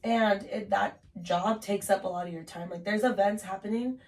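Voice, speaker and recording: A woman's voice: mid-range voice, steady tone, normal speed, distant mic. A young woman in her twenties telling her life story on a podcast in a casual, chatty way, full of "like" and casual swearing.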